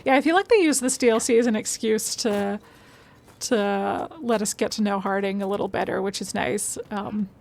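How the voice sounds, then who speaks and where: A woman's voice: mid-range voice, moderate pace, gravelly, darkish tone. A woman streaming a video game, chatting casually and reading in-game notes aloud. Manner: chatty, laughs often, trails off.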